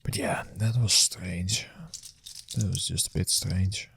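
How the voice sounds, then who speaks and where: A man's voice: deep voice, fairly even intonation, slow, creaky, fairly bright tone, slightly rough, no echo. A man who works as a food delivery rider, casually telling a story after his shift in a rambling, hesitant way full of fillers and restarts.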